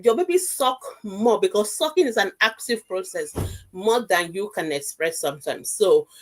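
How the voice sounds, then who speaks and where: A woman's voice: mid-range voice, animated, normal speed. A woman pediatrician giving a health webinar talk, speaking directly to mothers in an emphatic, reassuring way and repeating key points in lists.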